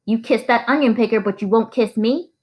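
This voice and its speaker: A woman reading a novel aloud, voicing a drunk, leering small-town sheriff who speaks in a slow drawl. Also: a little high, a little mellow, pitched above the performer's own voice, lightly acted. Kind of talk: audiobook reading with character voices.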